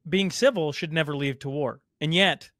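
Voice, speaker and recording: A man hosting a podcast, thinking out loud in a casual, rambling way. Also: a little high, normal speed, no echo, studio quality. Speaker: podcast host. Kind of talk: casual conversational interview.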